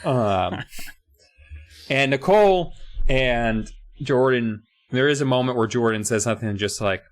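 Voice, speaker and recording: A man's voice: mid-range voice, animated, measured pace. A man co-hosting a podcast in casual chat, recapping a book in a sarcastic, profane, rambling way. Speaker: podcast co-host.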